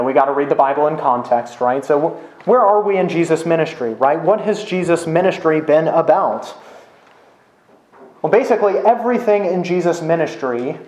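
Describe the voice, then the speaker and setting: A man's voice: fairly high pitch, a little mellow. A man preaching a sermon as a pastor, talking conversationally and often asking "right?". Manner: conversational, with frequent "right?" tag questions. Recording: echoey room.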